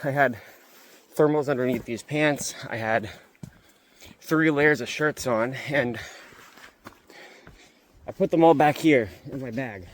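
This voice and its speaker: A man's voice: medium pitch, takes it slowly, pauses often, slight background noise. Breathless young man on a hiking trail. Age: young adult. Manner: chatty, repeats himself, excited about views. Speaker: vlogger. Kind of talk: casual hiking vlog. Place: outdoors on a mountain trail.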